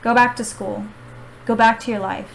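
Soft-spoken cold assassin, read by a woman. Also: on the high side, moderate pace, gravelly, slight background noise, poor audio. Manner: soft, even, reasonable tone. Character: calm, cold male assassin. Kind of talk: reading a novel aloud.

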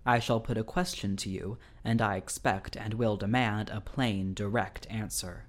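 A man's voice: fairly low pitch, steady tone, normal speed, lightly acted. A man reading as a stern, scornful old guardian. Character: stern elderly male guardian, coldly angry. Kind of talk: reading a Victorian story aloud.

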